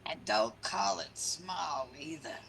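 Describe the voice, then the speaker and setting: Laid-back woman at the game table, slow and gravelly. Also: deep voice, animated, fairly bright tone, slight background noise. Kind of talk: casual game chat.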